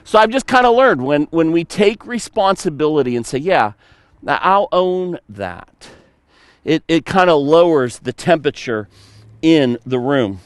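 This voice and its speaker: A man preaching a sermon as pastor, animated, telling stories and slipping into playful mock voices. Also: fairly high pitch, unhurried, clean tone, no room sound.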